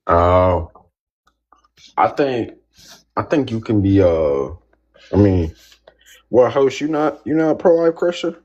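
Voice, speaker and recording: An eighteen-year-old man calling into a livestream, hesitant and deadpan. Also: fairly low pitch, slow, pauses often, lo-fi sound. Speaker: livestream caller. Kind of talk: casual livestream chat.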